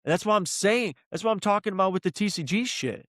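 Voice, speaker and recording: Man co-host, higher-pitched voice, close dry mic, ranting and cursing in a heated podcast argument. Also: animated, fast talker, a bit bright, no echo. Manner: worked up, ranting, swears often. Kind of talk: heated casual podcast discussion.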